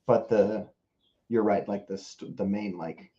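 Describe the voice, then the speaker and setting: Mellow-voiced man on dull lo-fi audio. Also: on the low side, fairly even intonation. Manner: enthusiastic, quick to laugh. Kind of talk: casual chat.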